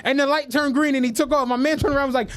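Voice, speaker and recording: A man's voice: extremely high pitch, rapid-fire, background noise. A man co-hosting a podcast, casually telling funny stories and breaking into laughter, with a Philadelphia accent. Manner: animated, laughing storyteller doing quoted voices. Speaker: podcast co-host. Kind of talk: casual chat, storytelling.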